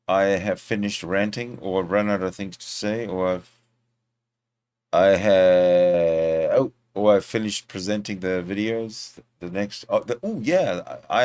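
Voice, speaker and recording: A man hosting a livestream, talking in a casual, rambling way, often pausing, restarting and talking to himself into a desktop microphone. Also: lowish voice. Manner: rambling, talks to himself, many fillers and restarts. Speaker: livestream host. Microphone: desktop streaming mic.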